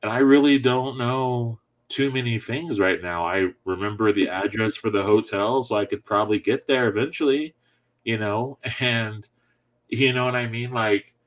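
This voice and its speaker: A man telling a story in casual chat, animated and laughing often as he goes. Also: mid-range voice, moderate pace.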